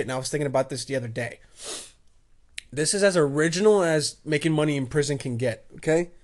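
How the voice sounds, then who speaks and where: A man hosting a podcast, rambling through a crude comic monologue. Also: a little high. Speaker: podcast host. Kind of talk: comedic solo monologue.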